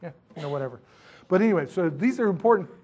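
A man's voice: sits high, lively intonation, quick pace, darkish tone, slight background noise. Chatty rambling male preacher. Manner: rambling, chatty, self-mocking asides. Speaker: pastor. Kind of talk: sermon with missionary stories.

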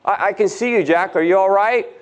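A man voicing God in a sermon story, speaking calmly and steadily. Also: high-pitched, a little fast, pitched above the performer's own voice, lightly acted. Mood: calm reassuring. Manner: calm, steady, reassuring. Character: calm, patient voice of God.

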